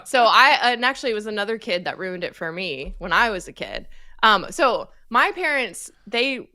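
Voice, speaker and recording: A woman in her thirties co-hosting a podcast, telling stories in lively, animated casual chat and laughing often. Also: mid-range voice, normal speed, no room sound. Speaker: podcast co-host.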